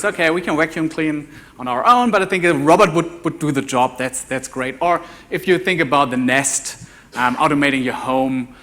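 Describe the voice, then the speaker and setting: A man in his forties from Germany with a German accent, giving a live conference talk as a developer evangelist, talking in a halting way with many restarts and repeated words. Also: on the high side, pushed and bright. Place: conference ballroom.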